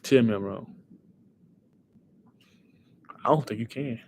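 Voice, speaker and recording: A young man hosting a casual livestream, thinking aloud through quiz answers and talking back to his chat in an excitable way. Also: medium pitch, takes it slowly. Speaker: livestream host.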